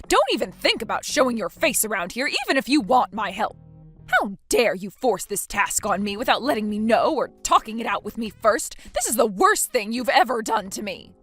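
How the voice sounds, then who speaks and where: A woman's voice: a little high, very animated, a little fast, fairly bright tone, soft background music. A woman voicing an indignant mother-in-law who scolds her daughter-in-law with accusing, rising outbursts, reading a text message story. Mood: scolding.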